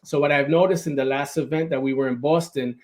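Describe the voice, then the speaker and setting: A man's voice: fairly high pitch, fairly even intonation, fast. A man hosting a podcast interview in a casual, enthusiastic way, often checking in with "right?". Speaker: podcast host.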